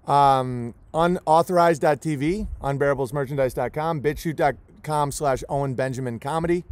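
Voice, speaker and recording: A man's voice: fairly high pitch, normal speed. A man hosting a livestream, delivering a profane, sarcastic, mocking rant. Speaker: livestream host. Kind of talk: profane ranting monologue.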